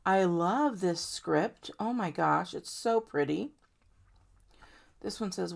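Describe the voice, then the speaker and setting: A woman's voice: medium pitch, animated, takes it slowly, vocal fry. A woman hosting a card-making tutorial, chatting casually to viewers as she works step by step. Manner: chatty, warm-hearted, talks to viewers directly. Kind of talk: casual step-by-step crafting demo.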